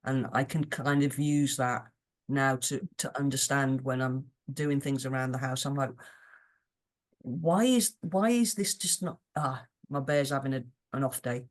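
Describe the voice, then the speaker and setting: A woman's voice: rumbling low, level tone, normal speed. A British woman, a podcast guest, chatting casually in a rambling, earnest way with many restarts. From United Kingdom.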